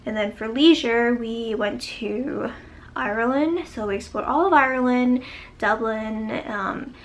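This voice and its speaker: Breathy, chatty young woman vlogger. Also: a little high, unhurried. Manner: chatty, lots of "like" and "um". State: short of breath from pregnancy. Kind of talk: casual vlog update.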